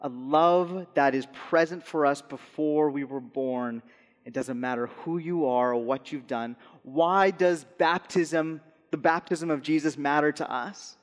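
Man preaching in a reverberant hall. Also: fairly high pitch. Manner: earnest, slow and soft on key phrases. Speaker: pastor. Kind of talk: sermon. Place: church hall. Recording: long reverb in a large hall.

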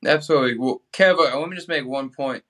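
A man's voice: mid-range voice, fast talker, fairly bright tone. A young man from New England, talking in a casual interview with energy, lots of fillers and restarts. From New England, USA. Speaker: podcast guest.

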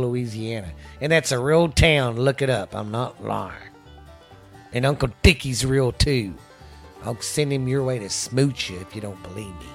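A man's voice: medium pitch, gravelly. A man from Texas hosting a casual podcast, rambling, swearing and restarting sentences. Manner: rambling, profane, restarts often. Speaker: podcast host.

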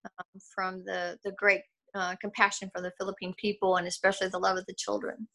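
An older woman talking on a video call as an interview guest, reflective and halting, laughing often. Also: mid-range voice, little pitch movement, gravelly, pushed and bright. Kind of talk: casual interview conversation.

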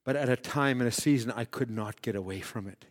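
A man preaching a sermon who swings between shouted peaks and hushed, drawn-out passages, telling stories with quoted voices. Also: mid-range voice. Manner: dramatic storytelling with quoted voices.

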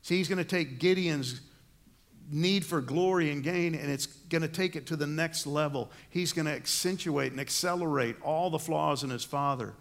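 A middle-aged male pastor delivers a sermon with a gravelly edge to his voice. His pitch sits a little higher than most men's, and he brings stories to life by acting out quotes. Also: moderate pace. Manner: storytelling with acted-out quotes.

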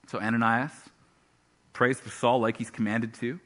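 A male pastor preaching a sermon, telling a Bible story with animated storytelling and acted-out voices. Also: medium pitch, moderate pace.

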